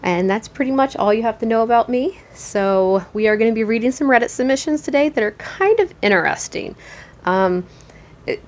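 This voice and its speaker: A woman's voice: on the high side, animated, normal speed. A woman hosting a casual podcast, reading Reddit posts aloud and reacting to them with frequent ums and restarts. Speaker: podcast host.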